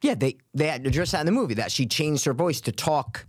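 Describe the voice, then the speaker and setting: Casual guy cohost, swears a lot, pitch jumps all over, dry close mic. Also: a little fast, husky, no echo. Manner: animated, swearing, teasing. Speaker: podcast co-host. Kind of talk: casual chat.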